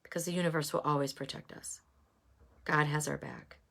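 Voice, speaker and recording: A woman giving a casual oracle card reading, musing and halting with many fillers. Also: low voice, steady tone, gravelly, a bit bright.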